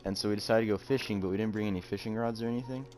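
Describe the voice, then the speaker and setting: Low-voiced teen boy hosting a podcast. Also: fairly even intonation, a little mellow, soft background music. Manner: rambling, halting storytelling with many fillers. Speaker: podcast host. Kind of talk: casual chat.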